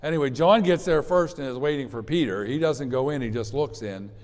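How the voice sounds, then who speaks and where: A man's voice: mid-range voice, fairly quick, darkish tone. Conversational male pastor in a reverberant hall. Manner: conversational, rambling with restarts and asides. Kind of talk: sermon.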